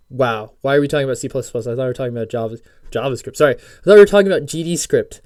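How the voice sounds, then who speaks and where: A man's voice: medium pitch, lively intonation, rapid-fire, a little mellow, dry recording, clean studio sound. Rambling jokey man teaching code. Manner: rambling, self-interrupting, jokey asides while reading docs aloud. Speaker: programming course instructor. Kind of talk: casual screen-recorded tutorial.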